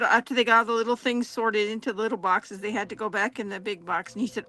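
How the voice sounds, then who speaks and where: An older woman with a fairly high voice chats in an online art group, spinning lively stories and acting out what others said. She talks casually and warmly engaged with the group. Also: quick pace, hardly any pauses. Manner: lively storyteller, acts out quotes. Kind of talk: casual chat.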